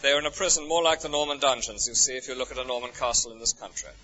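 A man with an English accent preaching a sermon, full of rhetorical questions, his voice soaring high and then dropping to a hush. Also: rapid-fire. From England. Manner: expressive, rhetorical questions, swings from soaring to hushed. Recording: dull lo-fi recording.

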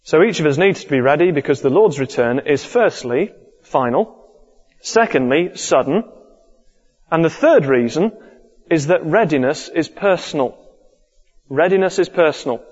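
A man's voice: on the high side, expressive, moderate pace, long pauses, a little mellow, breathy edge. Casting: earnest male preacher, sermon delivery, lo-fi sound with long hall echo. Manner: earnest, repeats key points. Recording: dull lo-fi recording with long hall reverb.

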